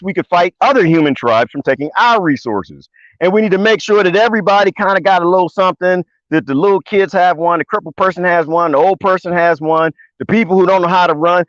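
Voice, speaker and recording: Guy ranting to his viewers outside, pitch jumping all over, kinda muffled dry sound. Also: no room sound. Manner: animated, rambling, folksy, swings to high excited pitch. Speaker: vlogger. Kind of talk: casual rant to viewers. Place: outdoors in the desert.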